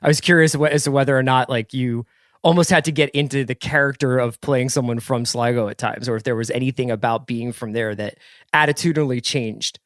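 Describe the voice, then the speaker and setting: A man's voice: mid-range voice, steady tone, a little fast, dry recording, clean studio sound. A man, co-hosting a podcast and asking a guest a chatty, rambling question. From United States. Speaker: podcast host. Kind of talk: casual chat.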